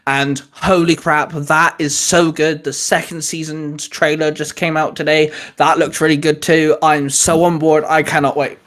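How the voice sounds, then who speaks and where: A man's voice: fairly high pitch, level tone, a little slow, few pauses, fairly bright tone. A man hosting a podcast in casual chat, loose and rambling, leaning on filler words. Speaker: podcast host.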